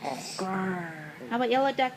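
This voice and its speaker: A woman coaxing a toddler at home, talking slowly and repeating words and animal sounds. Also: on the high side, very animated, a bit bright. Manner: slow, sing-song, repeats words. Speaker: parent teaching a toddler. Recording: noisy home video.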